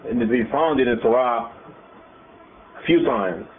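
A man teaching a Bible class. He explains verses, repeats words and acts out the dialogue with rising excitement. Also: mid-range voice, a little slow. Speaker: Torah teacher. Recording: tinny, echoey room with faint noise.

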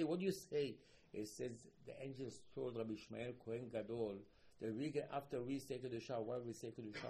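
A man teaching a Torah class as a sermon in halting, broken English, repeating himself and breaking into sudden loud emphatic bursts. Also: medium pitch, rough recording. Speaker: religious teacher.

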